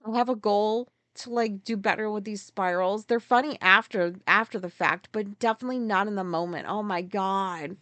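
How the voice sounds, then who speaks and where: A woman in her forties hosting a casual solo podcast, rambling through a story, swearing freely and loudly acting out her own outbursts. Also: medium pitch, moderate pace, few pauses, dry recording. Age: 40s. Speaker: podcast host. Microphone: podcast mic.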